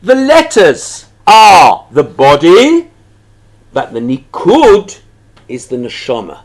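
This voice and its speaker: A man's voice: on the high side, huge pitch swings, slow. A man, a rabbi, teaching a text study lesson. He reads passages aloud, translates them, and asks questions that he answers himself.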